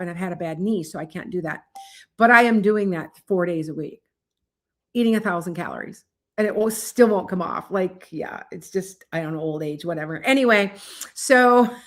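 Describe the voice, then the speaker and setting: A woman's voice: mid-range voice, a bit bright. Chatty woman nearing sixty. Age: 50s. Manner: chatty, rambling, self-interrupting. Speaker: tarot livestream host. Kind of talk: casual livestream chat. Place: home livestream.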